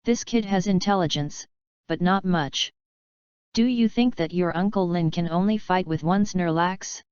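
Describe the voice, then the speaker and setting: A woman voicing a cocky, sharp-tongued male student who speaks in an offhand, mocking way. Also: fairly low pitch, a little slow, clean tone, dry recording, close to an everyday voice. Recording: dull lo-fi dry recording.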